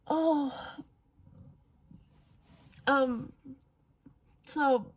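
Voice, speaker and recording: A young woman with a slightly high voice talks casually to the camera, gushing and excitable. She laughs often and sounds tearful after a good cry. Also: moderate pace. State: tearful, having just cried. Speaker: book vlogger. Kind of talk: casual reading vlog chat.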